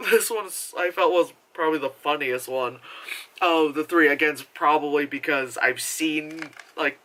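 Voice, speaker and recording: A man giving a casual movie review vlog, animated and profane, laughing and acting out characters. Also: fairly high pitch, slight background noise.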